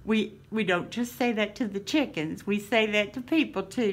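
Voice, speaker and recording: A woman's voice: medium pitch, normal speed. A woman with a Southern American accent hosting a casual craft vlog, gushing and laughing often, full of folksy sayings. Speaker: craft channel host.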